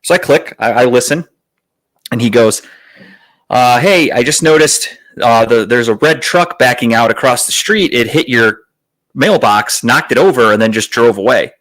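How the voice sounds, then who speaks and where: A young adult man from Northeast Ohio hosts a podcast in a loose, rambling monologue. His voice sits at an average pitch, and he talks in a self-deprecating way, swearing freely as he goes. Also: normal speed, fairly bright tone. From Northeast Ohio, USA. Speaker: podcast host telling a story. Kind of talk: casual storytelling monologue.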